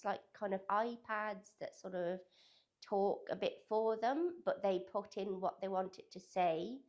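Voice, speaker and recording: A woman's voice: mid-range voice, darkish tone. A young woman working as a digital communications apprentice at a college, answering interview questions in a loose, hedging way full of "kind of" and "sort of".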